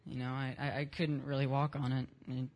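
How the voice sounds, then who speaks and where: A man's voice: medium pitch, level tone, fairly quick, darkish tone. A young man in his teens giving a casual spoken testimony at a church service, telling his story in plain, unpolished words with some slang.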